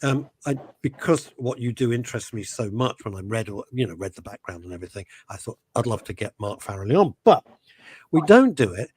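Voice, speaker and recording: A man's voice: mid-range voice, animated, brisk, darkish tone, husky. A man hosting a radio talk show, speaking passionately and emotionally, rambling with many restarts. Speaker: host.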